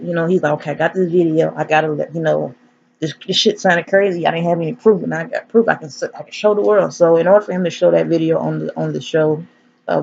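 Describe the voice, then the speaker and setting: A woman's voice: low-pitched, creaky, darkish tone. A woman recapping a movie in a rambling, profane way, acting out the characters as she goes. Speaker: movie reviewer. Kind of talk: casual spoiler recap. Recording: dull lo-fi sound, faint hiss.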